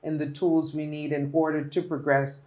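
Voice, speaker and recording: A woman's voice: low voice, level tone, moderate pace, warm tone, roomy sound. A woman politician from the Turks and Caicos Islands with a local accent, giving earnest, emphatic interview answers. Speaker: politician guest.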